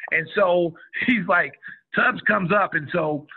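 A man's voice: high-pitched, slow, breathy edge. A middle-aged man, a former college basketball player, casually telling a story on the radio and acting out what others said. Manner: animated, acts out quotes of others. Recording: tinny phone-like radio audio.

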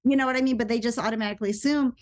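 A woman and actor recounting a story in casual podcast chat, animated and quick to voice her own incredulous reactions. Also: a little high. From United States.

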